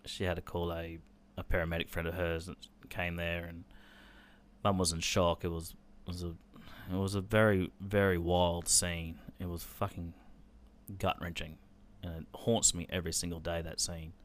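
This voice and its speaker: A man's voice: low-pitched, little pitch movement, normal speed, slight background noise. An Australian man telling a personal story in an intense, blunt way, swearing freely.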